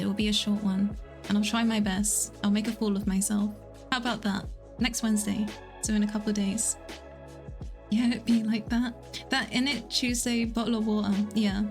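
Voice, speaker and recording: Chatty woman streaming. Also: a little high. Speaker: livestreamer. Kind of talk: casual livestream chat. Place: at home.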